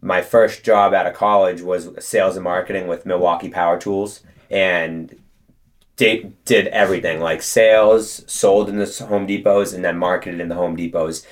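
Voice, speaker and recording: A man's voice: sits low, fairly even intonation, moderate pace. A man, chatting as an interview guest, telling his story with lots of fillers. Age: 20s. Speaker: guest, detailing business co-owner. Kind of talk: casual interview talk.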